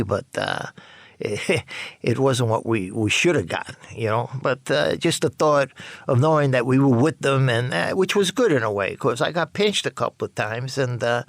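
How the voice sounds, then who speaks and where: Gravelly older New man. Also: mid-range voice, dry recording, studio quality. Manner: rambling, profane, halting with many restarts. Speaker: interviewee. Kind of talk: personal storytelling.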